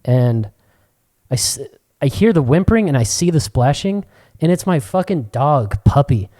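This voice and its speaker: A young male podcast co-host spinning a casual anecdote. His pitch swings widely, and he jumps into squeaky, shouted voices when he quotes people. He swears freely throughout. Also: normal speed. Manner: animated storyteller, swears a lot, yelps into high quoted voices. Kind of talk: casual chat.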